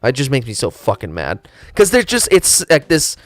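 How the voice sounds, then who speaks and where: A man live-streaming a game, ranting loudly with heavy swearing, then dropping into muttering. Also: mid-range voice, moderate pace, no echo. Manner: loud profane ranting; animated, swings from loud to muttering. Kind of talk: casual live-stream chat.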